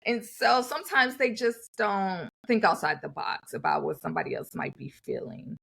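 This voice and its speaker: A woman's voice: medium pitch, moderate pace, vocal fry, husky. A woman co-hosting a podcast, talking candidly and acting out what others said to her. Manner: animated, acts out others' remarks in quotes. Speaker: podcast co-host. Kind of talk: candid conversational storytelling.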